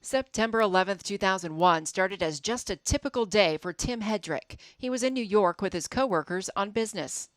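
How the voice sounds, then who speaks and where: A woman news reporter reading scripted narration in a measured, deliberate way. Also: medium pitch, lively intonation, fairly bright tone, no room sound.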